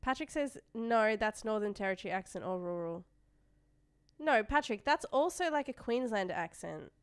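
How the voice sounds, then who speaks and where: A woman's voice: medium pitch, lively intonation, moderate pace, clean tone, no echo. A young Australian woman hosting a live trading stream, chatting casually and reading viewer messages aloud as she goes. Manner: chatty, reads chat messages aloud, trails off and restarts. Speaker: livestream trading host.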